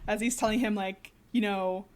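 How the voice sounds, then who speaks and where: A woman's voice: mid-range voice, fairly even intonation, moderate pace, a little mellow. A woman co-hosting a podcast in casual chat, laughing often and quoting characters as she recaps. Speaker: podcast co-host.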